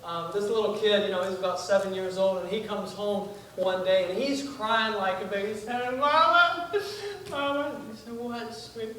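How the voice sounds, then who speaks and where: A man's voice: high voice, steady tone, normal speed, hardly any pauses. A young man, preaching as a visiting missionary in a folksy, self-deprecating way, with many fillers and restarts. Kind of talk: sermon with casual asides. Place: church sanctuary. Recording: echoey church from far off, noisy.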